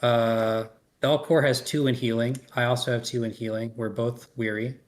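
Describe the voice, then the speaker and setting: A man playing a tabletop role-playing game, thinking aloud with many pauses and fillers. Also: medium pitch, flat delivery. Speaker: player.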